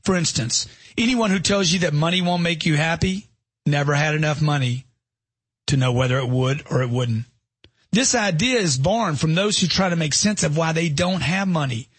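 Husky, emphatic middle-aged man. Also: fairly high pitch, animated, moderate pace, no room sound. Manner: emphatic, punchy, rhetorical questions. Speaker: self-help author. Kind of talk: motivational narration.

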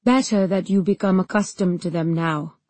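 A cold male ruler who lectures with dry, measured condescension, as a woman reads him in an audiobook. The voice is mellow and a little husky, recorded close and dry. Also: on the low side, no echo, natural voice. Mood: condescending. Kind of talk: audiobook character reading.

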